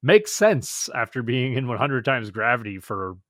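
A man co-hosting a podcast, heard close and dry with no echo. He chats casually and excitably, swearing freely as he goes. His pitch sits in a plain middle range. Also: normal speed. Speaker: podcast co-host. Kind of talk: casual episode review chat.

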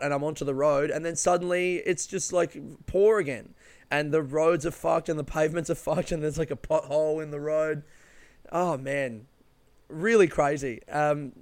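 A man's voice: mid-range voice, smooth, dry recording. A man telling a long, rambling travel story in a casual, sweary way, full of fillers and restarts. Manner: loose, sweary, rambling with many fillers and self-corrections.

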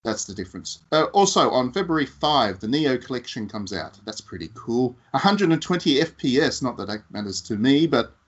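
A man's voice: mid-range voice, sing-song, brisk, hardly any pauses, breathy edge, lo-fi sound. A man co-hosting a casual games chat, teasing and rambling as he runs through a list. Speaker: podcast co-host.

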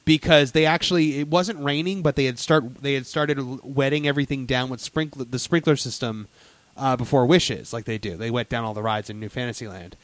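An excitable man rambles through stories about theme parks in a casual chat, full of fillers and restarts. His medium-pitched voice moves a little fast and sounds close and dry, with no echo or room around it.

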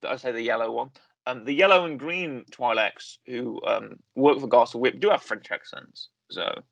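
This podcast co-host has a gravelly, medium-pitched, slightly bright voice at normal speed, heard in a dry, muffled recording. Chatting casually about a series, he rambles, keeps correcting himself and leans on fillers.

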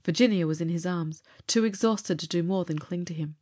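Woman, lower voice, measured storytelling, audiobook narration. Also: a little mellow. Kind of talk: audiobook reading of a pulp adventure story.

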